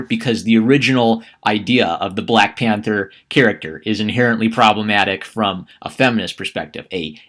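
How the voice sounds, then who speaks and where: A man's voice: fairly low pitch, a bit bright. A man giving a sarcastic commentary vlog, often restarting his sentences. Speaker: YouTube commentator.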